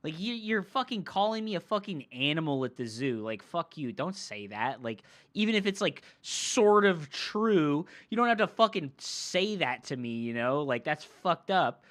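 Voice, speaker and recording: A man's voice: on the high side, sing-song, moderate pace, few pauses, a bit bright. A male game streamer telling a story in a heated, profane rant, full of "like" and "right?". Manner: fillers like "like" and "right?". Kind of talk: ranting storytime chat.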